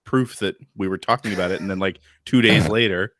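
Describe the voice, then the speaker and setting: Quick-talking podcast guy, lowish voice, dry jokes, dead dry mic. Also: fairly bright tone, dry recording. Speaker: podcast co-host. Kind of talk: casual chat.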